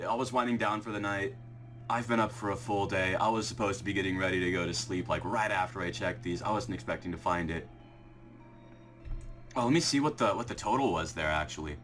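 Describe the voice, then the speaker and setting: A young man talking straight to his viewers in a gaming vlog, shaky and breathless with excitement. He jumps from high, stunned shouts to low, rushed chatter. Faint music plays behind him. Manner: ecstatic shouting and laughing, breathless disbelief; quiet muttered counting. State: shaking with excitement, heart racing. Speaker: shiny hunting video creator. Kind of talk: excited live reaction vlog.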